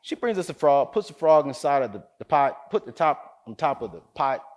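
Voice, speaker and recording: Motivational speaker, male, storytelling with rising preacher-style builds, very lively pitch. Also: fairly quick. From North Carolina, US. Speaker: keynote speaker. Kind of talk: motivational speech.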